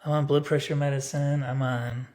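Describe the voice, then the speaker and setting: A man's voice: medium pitch, level tone, normal speed, a little mellow. Rambling, blunt man in his thirties. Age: 30s. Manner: rambling, blunt, heavy on filler words. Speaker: vlogger. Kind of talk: casual personal vlog.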